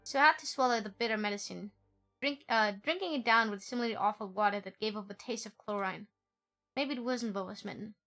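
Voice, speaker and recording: A woman's voice: medium pitch, quick pace, a bit bright, soft background music. A woman streaming a game, reading the story text aloud and joking playfully with chat, often giggling.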